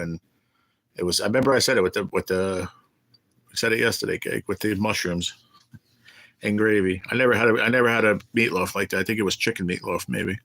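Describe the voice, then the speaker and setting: A middle-aged man who is sick and undergoing cancer treatment hosts a casual livestream, telling blunt, profane stories and reading chat aloud to answer it. His lowish voice is steady, fast, and sharp, captured on a phone or webcam with no room sound.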